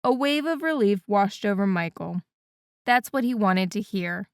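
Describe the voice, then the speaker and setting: A woman narrating an audiobook in an even, measured reading style. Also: mid-range voice, clean tone, no room sound, clean studio sound. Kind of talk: scripted narration.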